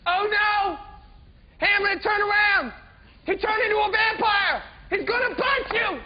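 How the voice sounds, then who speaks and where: A man playing a foul-mouthed president who shouts and heckles during a play, in a muffled archival comedy recording. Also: very high voice, unhurried. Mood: panicked. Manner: shouting, profane, belligerent.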